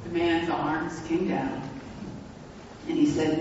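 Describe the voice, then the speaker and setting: A pastor telling a story in a sermon, speaking reflectively and slowing down for emphasis. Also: mid-range voice, flat delivery, darkish tone, slight background noise. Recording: echoey hall, distant mic, dull sound.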